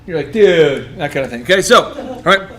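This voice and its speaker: A man with a high voice leads a coaching session for business owners. He talks in an animated, joking way and keeps checking whether the room follows him. Faint background noise sits under his voice. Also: fast. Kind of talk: coaching workshop talk.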